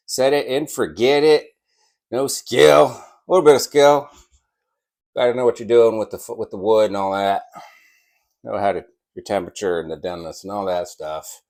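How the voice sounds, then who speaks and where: A man with a fairly low voice talks slowly and casually as he slices meat on camera. He sounds enthusiastic, savoring each bite and sometimes talking with his mouth full. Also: a little mellow. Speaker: barbecue channel host. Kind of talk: casual cooking vlog while slicing and tasting.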